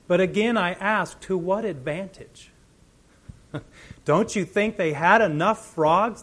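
A man preaching a sermon, animated and full of rhetorical questions, swinging between loud emphasis and quiet asides. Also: high-pitched.

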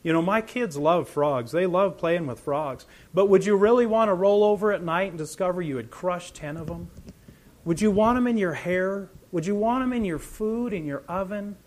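A man preaching a sermon, animated and full of rhetorical questions, swinging between loud emphasis and quiet asides. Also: high voice, moderate pace.

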